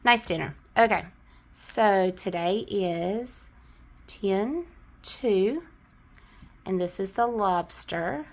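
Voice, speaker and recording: A woman's voice: medium pitch, very slow, long pauses. A middle-aged woman with a Southern US accent, chatting casually to camera as she counts out cash, with a cough now and then. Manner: chatty, counts bills aloud. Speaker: budgeting vlogger.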